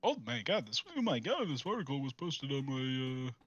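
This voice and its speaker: Animated young man on a gaming stream. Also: medium pitch, a little fast, dull audio. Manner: animated, laughs often, repeats himself. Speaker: streamer co-host. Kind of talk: casual gaming stream chat.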